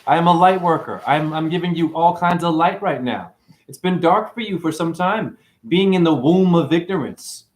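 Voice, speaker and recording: Excitable man with lively, swooping voice. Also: normal speed. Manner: excitable, playful sing-song wordplay with sudden high whoops. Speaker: online show host. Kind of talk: rambling livestream monologue.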